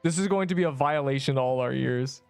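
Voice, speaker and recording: A hoarse young man casually chatting and joking while live-streaming a game. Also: medium pitch, no room sound, faint music behind. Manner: joking, chatty, quick to laugh.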